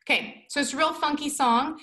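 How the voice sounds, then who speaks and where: High-voiced woman teaching dance online. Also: brisk, faint music behind. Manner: energetic, playful, counts beats aloud. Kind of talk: online dance class instruction. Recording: roomy echo.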